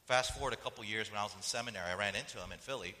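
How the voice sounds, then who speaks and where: A man's voice: on the low side, very fast, long reverb tail, a little hiss or hum. A man preaching a conversational sermon as pastor, telling stories and acting out the voices of the people in them. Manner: animated storytelling that acts out quoted voices.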